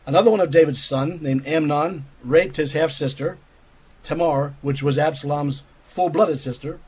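Husky-voiced man preaching a sermon. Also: a little high, normal speed, darkish tone, low-quality recording. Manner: earnest, explanatory, with rhetorical asides.

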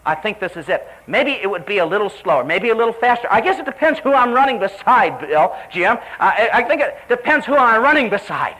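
A man preaching a sermon, telling a story in an animated way and acting out the voices he quotes. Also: a little fast, few pauses, poor audio. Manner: animated, acts out quoted voices with sharp pitch jumps.

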